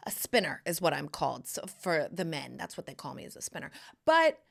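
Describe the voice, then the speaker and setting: A woman hosting her own podcast, telling a candid, profanity-laced personal story in a casual, animated way. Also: low voice, brisk, vocal fry. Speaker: podcast host. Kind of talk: casual solo podcast chat.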